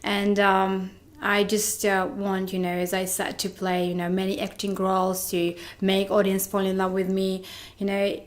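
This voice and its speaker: An eager young woman from Georgia answers interview questions in short, simple phrases. She leans on "you know" again and again. Her pitch sits mid-range for a woman. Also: completely flat delivery, moderate pace, few pauses. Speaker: actress, interview guest.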